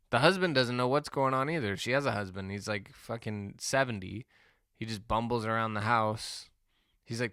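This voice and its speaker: A man hosting a podcast, delivering a rambling, profane comedic rant in a deadpan way. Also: fairly low pitch, clear, resonant tone, no room sound, studio quality. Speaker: podcast host.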